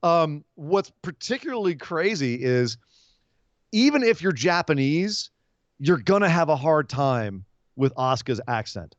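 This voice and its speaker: A man co-hosting a casual wrestling podcast, talking in long, animated, rambling explanations full of asides. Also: a little high, measured pace, no echo, dull audio. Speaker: podcast co-host.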